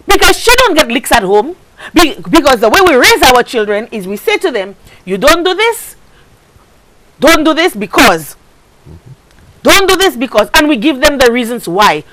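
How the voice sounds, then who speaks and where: A woman with a Saint Lucian accent hosting a talk show, speaking with passion and repeating phrases for emphasis. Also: high-pitched. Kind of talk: impassioned talk show commentary. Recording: noisy recording.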